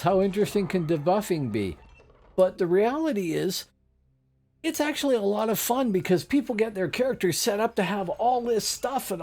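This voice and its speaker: A man's voice: sits high, darkish tone. Chatty man rambling over gameplay. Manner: rambling, chatty, many fillers and asides. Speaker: game streamer. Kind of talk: casual gameplay commentary.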